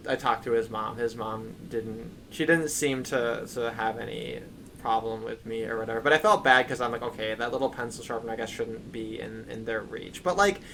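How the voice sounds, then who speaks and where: Over a low-quality recording with a little hiss or hum, a young man in a mid-range, slightly bright voice rambles through casual stories. He teaches English to young kids and co-hosts a stream, and his talk is full of "like" and "right?" fillers.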